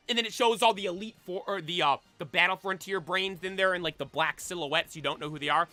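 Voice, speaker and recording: A young man streaming casually, chatting excitedly and belting out theme songs. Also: high-pitched, fairly quick, no room sound, faint music behind. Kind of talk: casual chat while shiny hunting.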